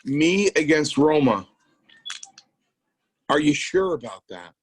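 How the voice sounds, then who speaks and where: A middle-aged former wrestler co-hosts a podcast in a casual storytelling chat, spinning rambling anecdotes and acting out the lines of the people in them. His voice is a little high, husky, and sing-song, slow in pace, on a dry recording with poor audio.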